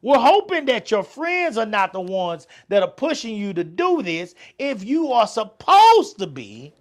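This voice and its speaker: Male podcast co-host: high, lively voice, blunt and profane, casual chat. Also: measured pace. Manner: frank, profane, emphatic.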